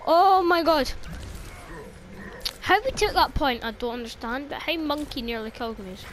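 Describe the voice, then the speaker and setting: A woman's voice: on the high side, expressive, fast talker, noisy background. A young woman commentating her own gameplay, exclaiming and swearing at the game and grumbling about lag. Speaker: gaming video creator.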